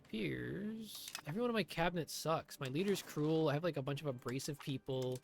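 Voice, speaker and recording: A man's voice: on the high side, a little fast, vocal fry, a little hiss or hum. A man doing live commentary on his own strategy game, talking to himself in a sarcastic, swearing way. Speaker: streamer.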